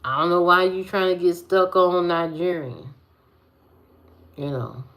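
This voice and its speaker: Slow-talking woman in casual chat. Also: fairly low pitch, a bit bright. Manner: repeats phrases, playful teasing, drawn-out emphasis. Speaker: vlogger talking to viewers.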